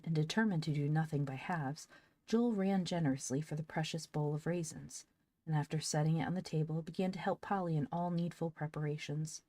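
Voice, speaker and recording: A woman's voice: deep voice, fairly quick, dark tone, no echo. A woman reading a children's story aloud as narrator. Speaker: audiobook reader. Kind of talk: scripted narration.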